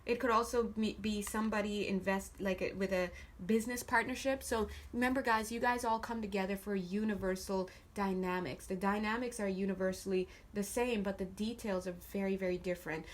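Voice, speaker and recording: Blunt, animated woman reading tarot cards. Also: mid-range voice, a little fast, few pauses. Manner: intonation shifts a lot, animated and blunt with swearing. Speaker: tarot card reader. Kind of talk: casual spoken tarot reading to viewers. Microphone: camera filming the cards on a table.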